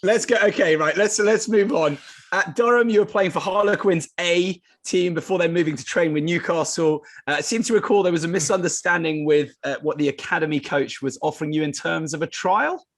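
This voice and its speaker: A man co-hosting a podcast, putting brisk questions to his guest in a casual interview. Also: fairly high pitch. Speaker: podcast co-host asking questions.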